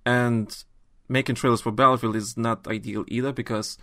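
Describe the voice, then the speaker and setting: A man chatting on a gaming podcast, recorded close and dry. He talks in animated bursts and rants, stumbling into restarts as he goes. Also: mid-range voice, moderate pace, dry recording. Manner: animated, ranting, trails off into restarts. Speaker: podcast host. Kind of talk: casual chat.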